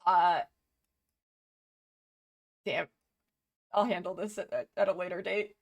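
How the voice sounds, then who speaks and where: A woman's voice: lowish voice, steady tone, slow pace. A woman streamer chatting casually on a live stream, gushing and rambling with many restarts and laughs.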